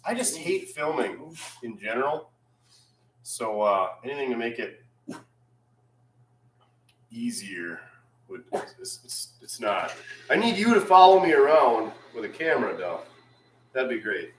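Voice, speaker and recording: Rambling male livestream host, lively pitch, reverberant shop room. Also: a little slow, pauses often, background noise. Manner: laid-back, rambling, reads chat aloud. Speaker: channel host. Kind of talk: casual livestream chat. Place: repair shop.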